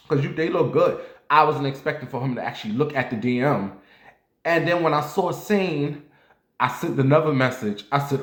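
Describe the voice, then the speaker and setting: Man, somewhat high voice, casual vlog chat, profane and loose, roomy echo. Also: expressive, moderate pace. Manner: loose, chatty and profane, with sudden jumps up to playful squeals. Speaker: vlogger.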